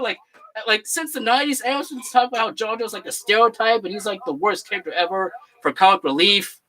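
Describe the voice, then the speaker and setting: A channel host chatting casually, rambling through a story with acted quotes and excitable bursts. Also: medium pitch, fast talker, rough recording. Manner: excitable, bursts into loud laughing shouts. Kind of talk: casual recap chat.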